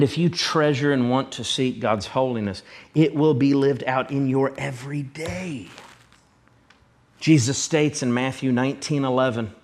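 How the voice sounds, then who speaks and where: A male pastor preaching a sermon, emphatic and repetitive, speaking directly to his congregation. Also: mid-range voice.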